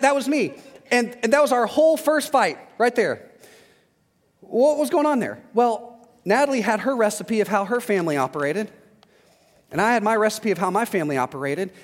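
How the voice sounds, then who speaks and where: A man with a notably high voice preaches to his congregation and tells frank, funny stories from his own life. His voice carries a long reverb from a large hall. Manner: candid storytelling with humor. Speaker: pastor. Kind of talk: sermon.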